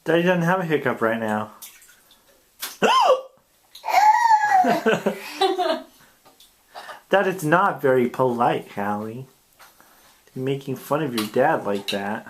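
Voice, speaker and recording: A man's voice: mid-range voice, animated, moderate pace, few pauses, slight background noise. A father chatting playfully in a home video, teasing and talking sweetly to his small child. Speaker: father filming his toddler. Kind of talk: casual home video chat.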